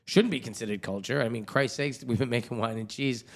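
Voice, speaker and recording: Gravelly-voiced middle-aged man. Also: mid-range voice, brisk. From New England. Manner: swearing, joking, animated impressions of others. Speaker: podcast host. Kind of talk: casual chat.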